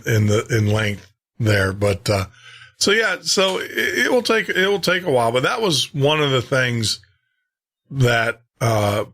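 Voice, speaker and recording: A man from Tennessee hosting a show, chatting casually with frequent pauses and restarts. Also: mid-range voice, sharp tone. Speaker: radio show host. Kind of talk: casual chat.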